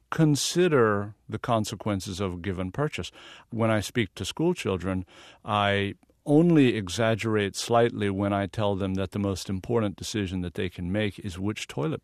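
Southern-born male interview guest, deep-ish voice, earnest explainer, dry studio sound. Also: no echo. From American South. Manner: earnest and explanatory, sometimes laughing. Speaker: guest photographer. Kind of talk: radio interview.

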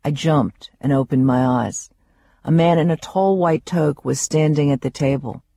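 Woman reading her memoir in a mellow voice. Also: sits low, moderate pace.

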